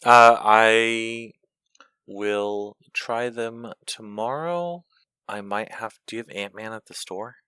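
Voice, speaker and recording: A man co-hosting a podcast in casual gaming chat, easygoing and quick to agree. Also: on the low side, bright, forceful tone, smooth, no room sound. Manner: easygoing, short agreeing replies. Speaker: podcast co-host.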